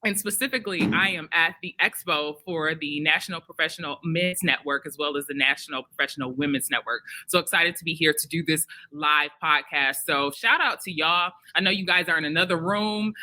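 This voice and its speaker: Bright-voiced chatty woman podcast host. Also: low-pitched, poor audio. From Detroit, Michigan. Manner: chatty, animated, laughs often and sings snippets. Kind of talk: live podcast chat. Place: expo venue.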